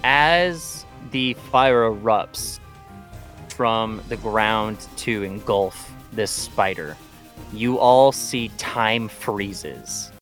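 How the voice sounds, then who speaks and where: A man's voice: fairly low pitch, lively intonation, drawn-out words, fairly bright tone, faint music behind. A man narrating as game master of a tabletop role-playing game, in a casual manner.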